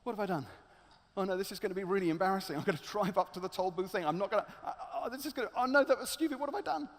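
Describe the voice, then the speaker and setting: A man's voice: high-pitched, unhurried, darkish tone, voice pushed down. Preacher doing a stammery panicky young guy, echoey hall. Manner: flustered, stammering, pleading. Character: panicky anxious young man, then grateful.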